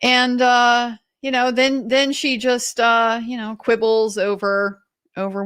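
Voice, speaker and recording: A woman's voice: on the high side, little pitch movement, slow, a bit bright, clear, resonant tone, no room sound, clean studio sound. A middle-aged woman, an attorney, giving sardonic, pointed live commentary on a trial and sometimes mimicking the people she discusses.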